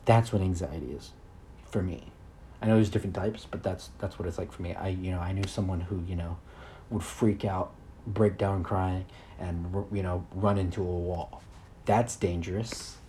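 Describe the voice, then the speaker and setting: A man's voice: low-pitched, fairly even intonation, normal speed, dark tone, a little hiss or hum. A man in his early twenties hosting a solo podcast, rambling in a crude, self-deprecating way. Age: 20s. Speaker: podcast host.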